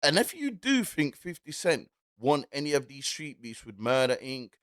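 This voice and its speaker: A man's voice: fairly high pitch, very animated, moderate pace, fairly bright tone, no echo, clean studio sound. A man hosting casual commentary, talking emphatically and repeating his points. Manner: emphatic, repeats points, asks "you get me?". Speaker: commentary host.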